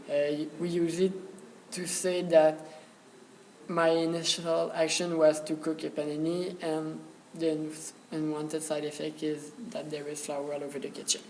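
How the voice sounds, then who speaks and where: A young man student presenting a grammar lesson, hesitant and pausing often on filler sounds. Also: a little high, level tone, darkish tone, slight background noise, rough recording.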